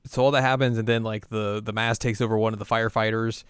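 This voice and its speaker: A man's voice: lowish voice, flat delivery, quick pace, clean tone, dry recording. A man co-hosting a podcast who recaps an episode in a rambling, jokey way, full of fillers. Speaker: podcast co-host. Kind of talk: casual chat, episode recap.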